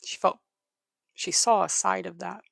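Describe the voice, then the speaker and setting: A livestream host tells a history story in a strongly gravelly, fry-heavy voice that sits in a middle pitch range. The delivery is halting, with frequent restarts and repeated words. The sound is dry and close, with no room echo. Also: fairly even intonation, fairly bright tone. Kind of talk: casual live storytelling, thanking viewers.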